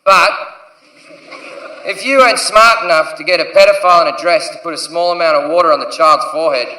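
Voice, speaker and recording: A man's voice: fairly high pitch, fairly quick, pushed and bright, far from the mic, slight background noise. A man doing a crude, provocative, swearing stand-up set in a large venue. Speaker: stand-up comedian. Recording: echoey live comedy hall from afar.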